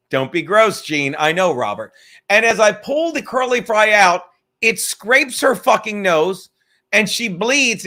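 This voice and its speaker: A man's voice: high voice, pushed and bright. A man hosting a casual livestream chat, rambling and joking as he tells a story, cursing freely. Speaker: podcast host.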